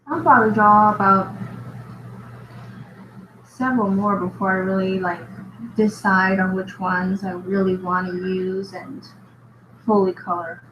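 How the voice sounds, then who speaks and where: A woman's voice: medium pitch, measured pace, pauses often. Woman, art host, casual chatty sketching talk, giggly, roomy echo, dull lo-fi sound. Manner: chatty, giggly, thinks aloud while sketching. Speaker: artist hosting a live drawing show. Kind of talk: casual drawing commentary. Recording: dull echoey recording with steady background noise.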